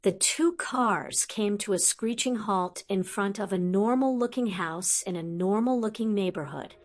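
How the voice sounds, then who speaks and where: A woman reading fan fiction aloud as an audiobook narrator, in steady storytelling delivery. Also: medium pitch, a little slow.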